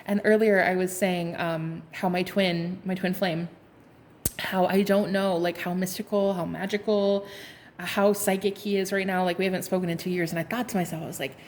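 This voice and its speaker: A woman's voice: lowish voice, fairly even intonation, normal speed, slight background noise. A woman giving a casual tarot reading to her viewers, sassy and playful, laughing often, swearing and calling them honey. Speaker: tarot card reader.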